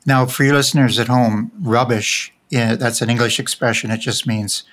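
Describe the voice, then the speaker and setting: Joking Canadian man hosting a podcast chat, mid-pitched. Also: steady tone, normal speed, a bit bright. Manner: teasing, joking. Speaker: podcast host. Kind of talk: casual chat.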